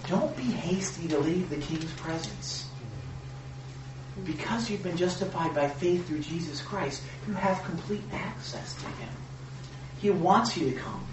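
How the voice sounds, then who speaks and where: Far from the mic, as though it hung at the rear of a large, reverberant hall, a pastor whose voice runs on the high side preaches in a rambling, conversational way. He restarts, loops back, adds asides and asks "right?", over a noisy background.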